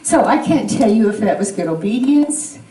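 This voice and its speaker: An older woman telling a humorous childhood story in a folksy, animated way at a church gathering. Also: mid-range voice, moderate pace. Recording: roomy, distant mic.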